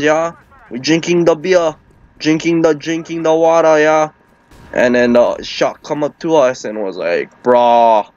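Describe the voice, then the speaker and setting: A man with a Hawaiian Pidgin accent, his voice sitting a bit high, spins a loose, rambling tall tale full of quoted voices. The recording is dull and muffled. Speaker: storyteller. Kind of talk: comic storytelling.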